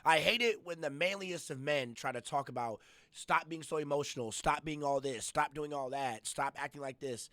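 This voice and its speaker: A man's voice: a little high, moderate pace, sharp tone, no echo. A man streaming a casual reaction, ranting bluntly with a lot of profanity and getting riled up.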